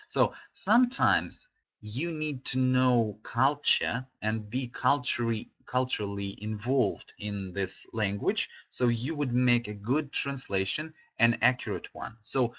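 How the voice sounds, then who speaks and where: A man's voice: medium pitch, a bit bright. Man teaching English, chatty. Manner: chatty, asks "yeah?" often, many fillers. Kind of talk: online class lecture. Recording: slightly dull lo-fi audio.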